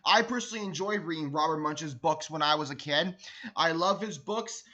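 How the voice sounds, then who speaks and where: A man's voice: a little high, moderate pace, pushed and bright, muffled recording. A man reading a children's storybook aloud as a read-along host, enthusiastic, often stumbling over and repeating words.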